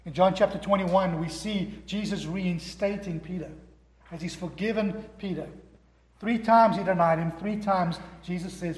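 A man's voice: sits high, steady tone, normal speed. A man preaching a sermon to a congregation, emphatic and acting out the quoted dialogue in his own voice. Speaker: pastor. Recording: echoey hall.

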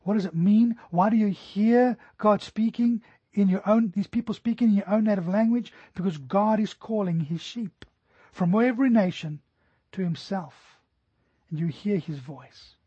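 A middle-aged man preaching a sermon earnestly, slowing down to stress scripture. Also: high voice, mellow, husky, no echo. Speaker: pastor. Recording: dry, dull lo-fi recording.

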